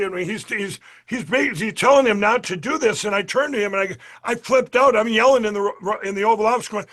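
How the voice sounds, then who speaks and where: Guy with a pretty high voice telling a long story in an interview, acts out the quotes, keeps restarting, talks to everybody watching. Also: a little fast. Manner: animated retelling, acts out quoted dialogue, frequent restarts; addresses the audience directly. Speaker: interview guest.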